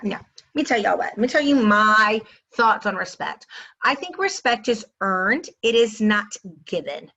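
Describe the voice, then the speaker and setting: A woman's voice: medium pitch, very animated, a little slow, pushed and bright, rough recording. A woman telling a story to her viewers in a sarcastic, indignant rant. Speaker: vlogger.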